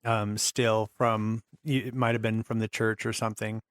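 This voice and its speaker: A man's voice: on the low side, little pitch movement, moderate pace, dry recording, studio quality. A man running a tabletop game as game master, narrating scenes and laughing often.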